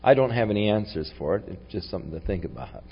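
A man preaching a sermon, reflective in tone and rising to forceful when he reads scripture aloud. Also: lowish voice, animated, fast talker, breathy edge. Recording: long hall reverb, dull lo-fi sound.

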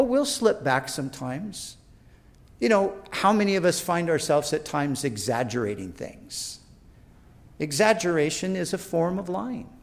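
Conversational male pastor, slightly high voice. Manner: conversational, acts out prayers and inner dialogue. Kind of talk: sermon.

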